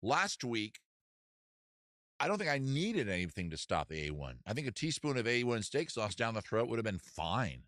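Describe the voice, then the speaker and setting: Lively rambling comedy show host. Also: male voice, mid-range voice, normal speed, no echo, clean studio sound. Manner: animated, rambling, self-mocking. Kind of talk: comedy livestream chat.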